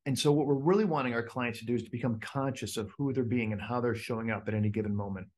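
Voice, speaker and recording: The speaker is a man leading a group call, his mid-range voice moving at a quick pace. His casual teaching is lively, with many fillers and restarts, and he acts out what inner voices say.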